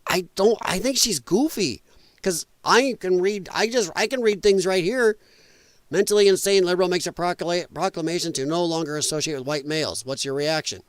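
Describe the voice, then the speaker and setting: A man's voice: sits high, moderate pace, no room sound. A man with heavy, audible breathing hosts a casual commentary show. He mocks freely and laughs at his own asides. His voice is dry and close to the mic. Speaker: host.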